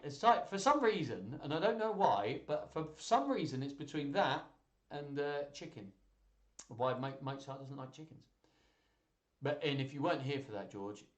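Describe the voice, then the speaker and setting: Lively, chatty man in an echoey room. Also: medium pitch. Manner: chatty, laughs at jokes, lively delivery. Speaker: host of a live children's joke and story stream. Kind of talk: casual live-stream chat reading out jokes.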